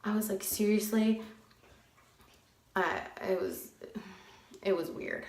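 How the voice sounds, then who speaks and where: A woman's voice: mid-range voice, fairly even intonation, takes it slowly, darkish tone, echoey room. A chatty woman giving a casual live makeup tutorial at home, greeting viewers by name as she works. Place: at home, with dogs nearby.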